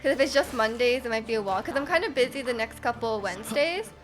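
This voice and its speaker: Woman game streamer, rambling and giggly, slightly high, soft game music under her. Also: lively intonation, quick pace. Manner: rambling, giggly, lots of fillers. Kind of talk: casual chat while gaming.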